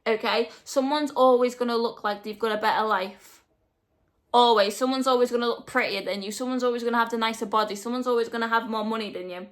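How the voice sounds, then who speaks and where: A woman's voice: on the high side, fairly even intonation, fast talker. A young woman talking straight to her viewers in a motivational vlog, earnest and direct, hammering points home by repeating them. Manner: earnest, direct, emphatic repetition. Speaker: vlogger. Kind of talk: motivational talk to camera.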